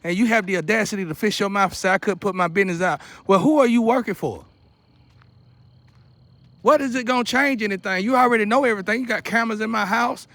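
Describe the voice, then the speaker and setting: High-voiced man in an impassioned monologue. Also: fast, fairly bright tone, no room sound. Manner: preachy, repetitive, building to urgent outcry. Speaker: vlogger. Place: outdoors near a porch.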